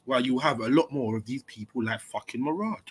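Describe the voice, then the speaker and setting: A man's voice: medium pitch, quick pace. A man, talking animatedly in slang as co-host of a casual livestream chat.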